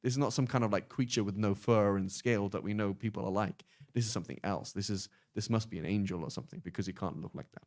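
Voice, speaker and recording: Low-voiced English man teaching Arabic. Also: quick pace, hardly any pauses. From England. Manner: pedantic, explains with lively examples. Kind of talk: online class teaching.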